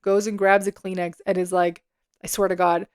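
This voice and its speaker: A woman's voice: medium pitch, little pitch movement, moderate pace, clear, resonant tone. A woman hosting an unscripted solo podcast. She talks candidly and emphatically, swears freely and often breaks into laughter. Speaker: podcast host.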